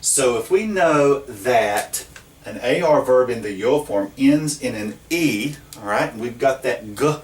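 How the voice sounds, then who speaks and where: Patient man teaching in an echoey room. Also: mid-range voice. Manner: slow, patient, checks in with "okay?" and "right?". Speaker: Spanish teacher. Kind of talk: classroom grammar lesson. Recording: roomy echo, mic at a distance.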